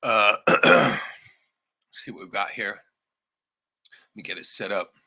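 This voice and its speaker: A man hosting a casual livestream, rambling and swearing often, suddenly turning loud and excited. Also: fairly low pitch, takes it slowly. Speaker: livestream host.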